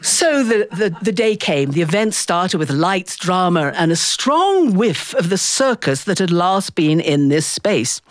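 A woman telling a personal childhood story in a lively, expressive way, acting out the voices of the people in it. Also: on the low side, unhurried, hardly any pauses.

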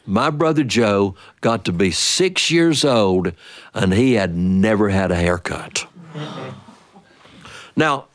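A middle-aged man telling a family story to children, playful and animated. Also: lowish voice.

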